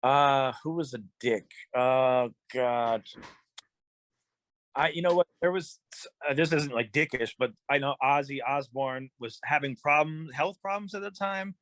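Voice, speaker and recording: Relaxed man telling rambling stories, dry sound. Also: mid-range voice, measured pace, no echo. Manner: rambling, relaxed, many fillers and restarts. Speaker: guest musician. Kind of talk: casual storytelling in an interview.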